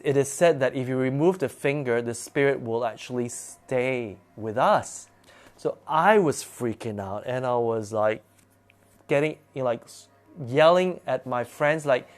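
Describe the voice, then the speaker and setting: A man telling a spooky personal story in a casual, animated and dramatic way. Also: medium pitch.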